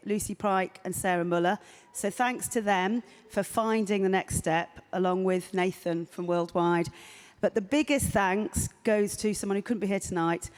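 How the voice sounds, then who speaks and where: A woman at an awards podium gives upbeat thanks, listing colleagues one after another. Her voice sits at a middle pitch and carries long reverb from the big hall. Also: a little mellow. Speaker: award winner giving thanks. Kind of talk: acceptance speech. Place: large hall at an awards ceremony.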